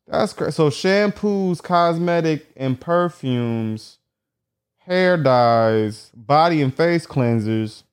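A man talking alone in casual commentary, reading search results aloud haltingly and joking with lots of swearing. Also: on the high side, expressive, smooth. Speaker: vlogger.

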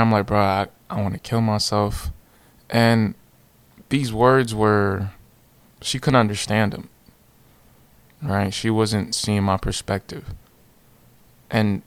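Young guy storytelling, low voice, slangy and animated, repeats himself. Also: smooth, no echo. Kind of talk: casual personal storytelling.

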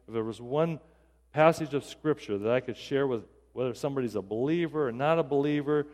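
A man preaching in an easy, conversational tone, his speech full of restarts and asides. His voice sits at an ordinary middle pitch and rings out with a long hall reverb, as in a church sanctuary. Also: a little mellow. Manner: conversational, self-deprecating, with repeated restarts. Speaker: pastor. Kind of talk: sermon.

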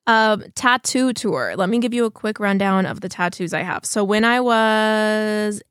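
A chatty woman talks casually to her viewers, rambling through her stories with plenty of "like" fillers. Her voice is mid-pitched and sounds close and dry, with no room around it. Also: a little slow, fairly bright tone, clear, resonant tone, dry recording. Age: 30s. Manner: chatty, rambling, heavy use of "like". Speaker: vlogger.

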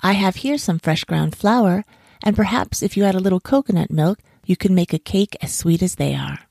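A woman's voice: on the low side, normal speed, vocal fry, darkish tone, no echo, clean studio sound. A woman voicing a greedy, grumbling male monkey who squeals his demands and puts on false politeness. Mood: falsely polite.

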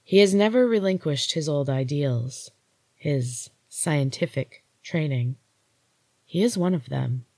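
A woman doing a grave, hushed golden goddess. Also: low-pitched, lively intonation, takes it slowly, no room sound, heavily acted. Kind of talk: audiobook-style story reading.

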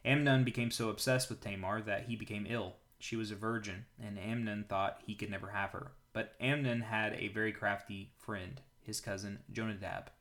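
A man hosting a daily Bible reading, who prays and then reads scripture aloud in a calm, measured way. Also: fairly low pitch.

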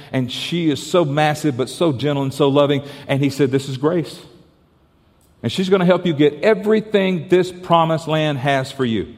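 A man preaching a sermon, earnest and repetitive, dropping to softer tones as he tells a parable. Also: a little high. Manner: earnest, repeats and restarts, drops to soft tones for the story. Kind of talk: sermon with storytelling. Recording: reverberant church hall.

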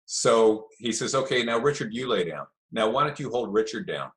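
A middle-aged man telling a story in a relaxed, chatty way, acting out the voices of the people in it. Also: medium pitch, moderate pace. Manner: animated storyteller, acts out quoted voices. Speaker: guest telling stories of early jiu-jitsu. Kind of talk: casual storytelling.

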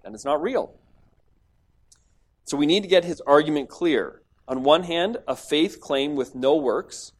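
With a fairly high, animated voice at a measured pace, a man preaches on a scripture passage. He is emphatic, dramatizes quoted speech, and frequently repeats words when starting a new thought.

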